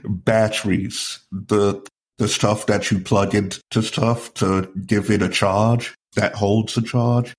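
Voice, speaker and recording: English male comic, casual and self-deprecating, low-pitched voice. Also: steady tone, a little slow, hardly any pauses. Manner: laid-back, self-deprecating. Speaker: stand-up comedian and podcast co-host. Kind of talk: casual comedy podcast chat.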